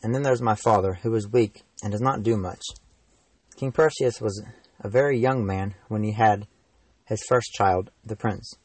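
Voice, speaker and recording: A teenage man voicing a calm, friendly knight in a storybook reading, speaking in a measured way. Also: lowish voice, dry recording, recorded from a distance, natural voice, poor audio. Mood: explaining. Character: calm, friendly adult knight, steady and patient.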